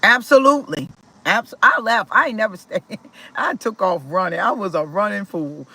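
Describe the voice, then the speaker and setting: A woman from Maryland telling a personal story to her viewers in a casual, animated way, acting out what people said. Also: mid-range voice, moderate pace, poor audio. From Maryland, USA. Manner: animated, talks to viewers directly, acts out quoted dialogue. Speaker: spiritual vlogger.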